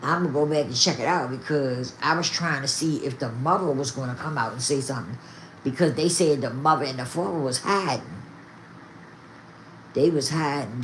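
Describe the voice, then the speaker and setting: A woman's voice: extremely low pitch, slight background noise. An older woman talking casually to her viewers, emphatic and repetitive. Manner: emphatic, repeats herself, talks straight to viewers. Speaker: vlogger.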